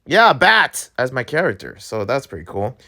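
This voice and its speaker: Animated young man ranting about games. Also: medium pitch, moderate pace, creaky. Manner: animated, excitable, talks to viewers directly. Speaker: gaming YouTuber. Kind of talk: casual gaming news rant.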